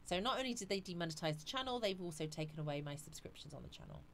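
A woman's voice: fairly low pitch, animated, rapid-fire, slight background noise. A woman hosting a live stream, chatting casually and reading viewer comments aloud.

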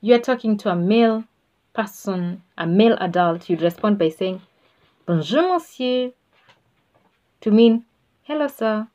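A woman's voice: mid-range voice, moderate pace, dark tone, highs cut off. A woman teaching a beginner language lesson, patient and repeating words for the learner to follow. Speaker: French teacher. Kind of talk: slow spoken language lesson.

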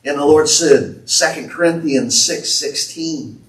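A man preaching a prophetic sermon from the pulpit, slowly declaiming words he says he heard from the Lord. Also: fairly high pitch. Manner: slow, declaiming prophecy in the Lord's voice with rising intensity. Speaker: pastor. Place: church sanctuary. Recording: echoey church from far off.

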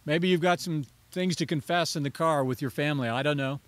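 A man's voice: fairly high pitch, fairly quick. Earnest male pastor preaching a sermon. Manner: earnest, rising to emphatic pleading on key phrases.

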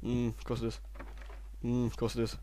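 A young man giving sarcastic gameplay commentary and shouting insults at the game. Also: mid-range voice, completely flat delivery, a little fast, slight background noise. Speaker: let's play host.

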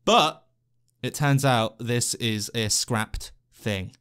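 A man giving lively, jokey gameplay commentary as a let's play host, talking to the characters on screen. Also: medium pitch, takes it slowly, clear, resonant tone. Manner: excitable, jokey, talks to the game characters.

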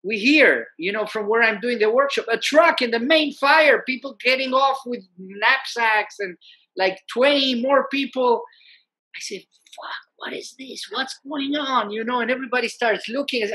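A man, a musician and peace activist, telling a story as a guest in an animated, conversational way, often saying "you know". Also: very high-pitched, normal speed.

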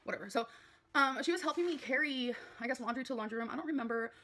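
A woman vlogger telling a personal story in a rambling, halting way, full of fillers. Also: high-pitched, pushed and bright. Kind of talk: confessional vlog.

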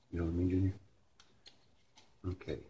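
A Canadian man with a Canadian accent rebuilding a transmission in his repair shop, talking casually with blunt jokes and swearing. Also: deep voice. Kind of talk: casual shop talk while working. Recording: noisy shop recording.

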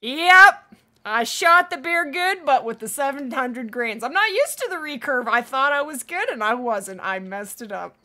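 A woman's voice: high voice, big pitch swings, normal speed, few pauses, sharp tone. A woman streaming a hunting game live, chatting casually and thanking viewers by name.

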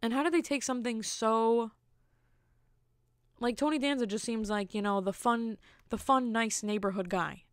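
A woman's voice: fairly high pitch, moderate pace, clean tone, no echo, studio quality. A young woman hosting a solo podcast, telling a dating story bluntly and acting out the quotes as she goes. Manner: animated, acts out quotes. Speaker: podcast host. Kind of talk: casual solo podcast monologue.

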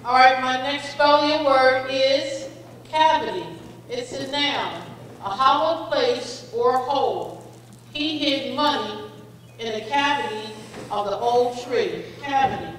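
A woman serving as a spelling bee pronouncer, reading each word with its definition and an example sentence, measured and patient. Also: sits high, a bit bright. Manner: measured and patient, calls each child friend. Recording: echoey hall, voice far from mic, faint noise.

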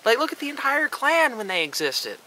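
A man's voice: very high voice, sing-song, a little fast, bright, forceful tone, a little hiss or hum, poor audio. A man vlogging a ranting commentary, sarcastic and profane, mocking what he criticizes.

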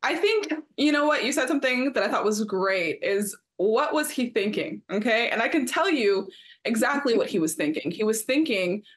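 Woman, sports show co-host, emphatic and opinionated, fairly high voice. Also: animated, moderate pace. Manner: emphatic, opinionated, acts out quotes in mocking voices. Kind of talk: studio discussion.

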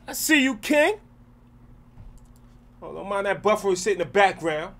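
A man's voice: high voice, big pitch swings, unhurried, a bit bright. A man hosting a reaction video, talking in a loose, slangy, hyped way with swearing. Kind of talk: casual reaction commentary.

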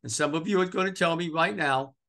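A man from Maine preaches a sermon in a church, his fairly high voice sharp and bright. He moves between loud, emphatic declarations and soft, hushed stretches, repeating key phrases for weight. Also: brisk. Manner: animated preaching, swinging from loud emphatic calls to hushed tender passages. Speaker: pastor.

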